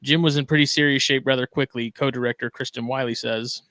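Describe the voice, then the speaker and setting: A man's voice: mid-range voice, fairly even intonation, fast, fairly bright tone, no echo. A man co-hosting a casual podcast, talking in a laid-back, drawling way and reading news items aloud. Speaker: podcast co-host.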